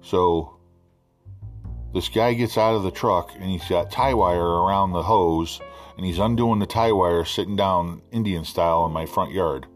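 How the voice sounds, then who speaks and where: A middle-aged man hosting a podcast, telling animated, profane stories in a casual way. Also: sits low, unhurried, soft background music. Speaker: podcast host. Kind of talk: casual storytelling.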